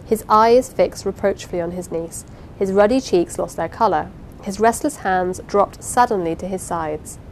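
A woman's voice: medium pitch, normal speed, slight background noise, poor audio. Woman reading a classic novel aloud. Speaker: audiobook reader. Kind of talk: unhurried amateur audiobook narration.

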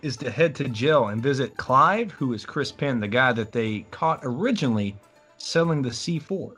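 Bright-voiced man cracking jokes. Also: mid-range voice, animated, moderate pace, breathy edge, faint music behind. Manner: jokey, profane asides. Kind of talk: casual movie-recap chat.

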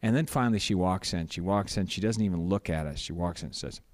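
Male preacher, slightly low voice, storytelling sermon, halting with many restarts. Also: darkish tone. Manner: halting, repeats words, acts out quotes.

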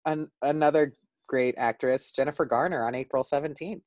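A man co-hosting a podcast in casual chat, delivering things enthusiastically with quick asides. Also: mid-range voice, steady tone, a little mellow. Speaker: podcast co-host.

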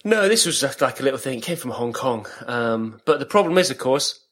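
Animated husky-voiced man co-host. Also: mid-range voice, brisk. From England. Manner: animated, joking, rambling storyteller. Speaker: podcast co-host. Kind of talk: casual chat.

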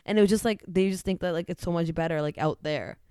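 A woman's voice: lowish voice, quick pace, mellow, clean tone, no room sound, studio quality. A woman in her twenties from Canada, chatting casually and giving sympathetic, reflective comments. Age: 20s. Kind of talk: casual chat.

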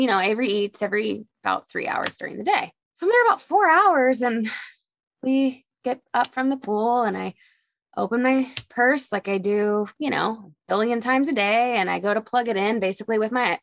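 A young woman on a chatty talk show telling a long personal story, animated and acting out the voices of the people in it. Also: a little high, normal speed. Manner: animated storyteller, acts out quotes in raised voices. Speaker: podcast co-host. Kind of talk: casual chat, storytelling.

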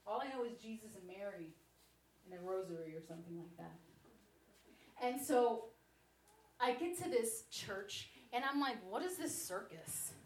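A woman giving a sermon-style personal testimony, telling her story in a lively way with chatty asides to the audience. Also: mid-range voice, moderate pace, pauses often, slight background noise. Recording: echoey hall, mic at a distance.

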